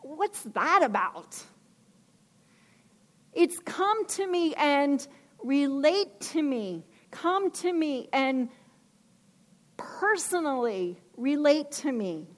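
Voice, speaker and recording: Woman preacher, high voice, slow and emphatic, keeps asking the crowd stuff. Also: expressive. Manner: emphatic, asks the listeners questions. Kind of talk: sermon.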